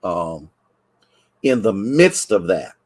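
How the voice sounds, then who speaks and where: A man's voice: low voice, big pitch swings, takes it slowly, darkish tone. A man from Ohio speaking as pastor in a livestreamed noon Bible study, talking conversationally, greeting viewers by name, restarting sentences and at times near tears. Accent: Ohio, Midwestern American. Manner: emotional, close to tears at times.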